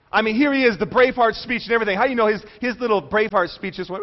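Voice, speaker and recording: Animated high-voiced male preacher. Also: racing, few pauses, lo-fi sound. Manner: animated storytelling, acting out quoted voices. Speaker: pastor. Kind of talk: sermon.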